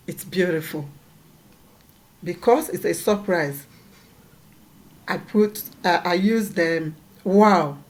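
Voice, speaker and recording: Slow, low-voiced woman teaching a lesson. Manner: patient, repeats points, checks understanding. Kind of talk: classroom lesson.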